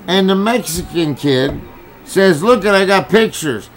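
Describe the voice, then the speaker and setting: A man's voice: sits high, expressive, a little slow, poor audio. A man telling an angry, profane story, acting out both sides of an argument in quoted dialogue. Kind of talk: angry personal rant.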